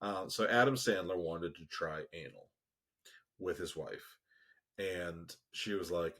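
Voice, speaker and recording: A man co-hosting a podcast in casual chat, talking haltingly with many restarts. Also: low voice, expressive, a bit bright. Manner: halting, full of restarts, laughs easily. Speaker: podcast co-host. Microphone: remote call setup.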